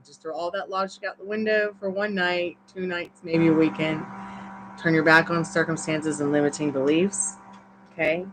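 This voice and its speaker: A woman's voice: deep voice, fairly even intonation, moderate pace, noisy background. Chatty Southern woman reading tarot. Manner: chatty, encouraging, rambling asides. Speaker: tarot reader. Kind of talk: live-stream tarot reading.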